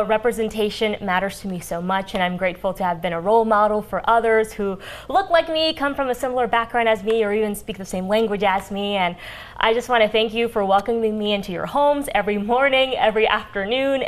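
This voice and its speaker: A woman's voice: mid-range voice, quick pace. A young woman from Western Massachusetts, a TV news reporter giving a heartfelt on-air farewell speech in a studio, with fillers and restarts.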